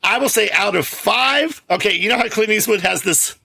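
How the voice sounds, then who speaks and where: A man co-hosting a movie podcast, chatting in a jokey, animated way and laughing often. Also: high-pitched, moderate pace, creaky, slightly rough. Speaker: podcast co-host. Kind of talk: casual movie chat.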